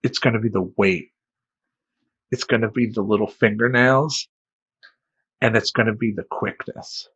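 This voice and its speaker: A man, a life coach, telling a comedic personal story in an animated, self-mocking and rambling way, on a dull lo-fi recording. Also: lowish voice, unhurried, long pauses, breathy edge. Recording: dull lo-fi sound.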